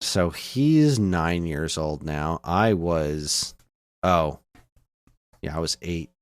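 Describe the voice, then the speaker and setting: A man in his thirties co-hosting a podcast, with a lowish voice whose pitch moves in a lively way. He talks easily and laughs often, and the sound is dry and close. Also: extremely slow, clear, resonant tone, dry recording. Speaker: podcast co-host. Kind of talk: casual chat.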